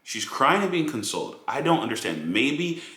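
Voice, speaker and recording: A man giving a casual, animated film review monologue with lots of fillers and mocking asides. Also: medium pitch, moderate pace, reverberant. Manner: animated, mocking quoted voices, many fillers.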